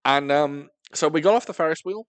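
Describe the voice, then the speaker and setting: A man's voice: on the high side, a little fast, no room sound. A young man co-hosting a podcast, telling a story in a casual, self-mocking way, laughing often and swearing freely. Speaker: podcast co-host.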